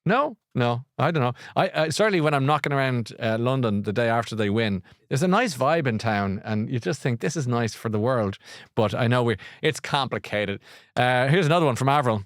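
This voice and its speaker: A man's voice: mid-range voice, lively intonation, fairly quick, no room sound, studio quality. A middle-aged Irish man hosting a live podcast, rambling in a chatty, easygoing way and laughing often. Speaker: podcast host. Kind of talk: casual live chat.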